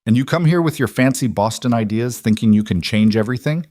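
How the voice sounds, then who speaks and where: A man's voice: mid-range voice, fast, dark tone, no echo, studio quality, natural voice. A man voicing a ruthless young male outlaw with a snarling, contemptuous way of talking, in a scripted story reading. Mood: menacing.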